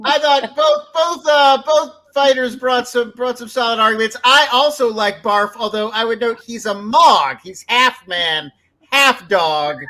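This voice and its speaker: A judge on an improv comedy panel who rambles through the verdict with plenty of hesitations and small jokes. The voice is bright and sits at a middle pitch. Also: a little slow, low-quality recording. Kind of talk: casual chat.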